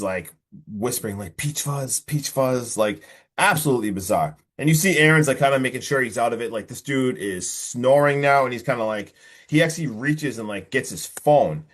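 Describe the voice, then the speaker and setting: A man hosting a casual podcast film review, retelling the plot in an excitable, slangy way and acting out the characters. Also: mid-range voice, moderate pace. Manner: animated retelling, acts out the characters. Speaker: podcast host.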